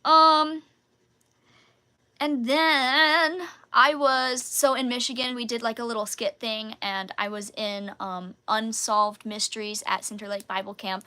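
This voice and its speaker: A woman's voice: a little high, fairly even intonation, measured pace, sharp tone. A woman hosting a casual live Q&A, chatting in a bubbly, giggly way. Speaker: channel host answering viewer questions.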